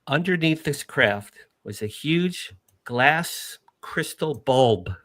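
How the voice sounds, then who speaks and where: A middle-aged man from New Jersey, a podcast guest, telling an emotional first-person story with animated, emphatic repetition. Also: fairly high pitch, slow, dry recording.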